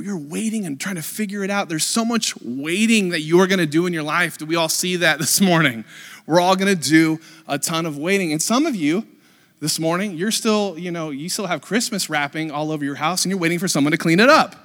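A man in his thirties preaching a live sermon from a church stage, his voice a little high for a man. He keeps it light and playful, stumbling over restarts and fillers as he talks to the room. A long reverb from the church hall trails after every phrase. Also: brisk. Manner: lively and joking, with many fillers and restarts. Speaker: pastor. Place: church sanctuary with a congregation.

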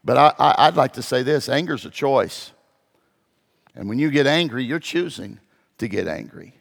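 A man preaching a sermon as pastor, telling a story and moving between hushed and loud, emphatic passages. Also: medium pitch, animated, moderate pace, creaky. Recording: long hall reverb.

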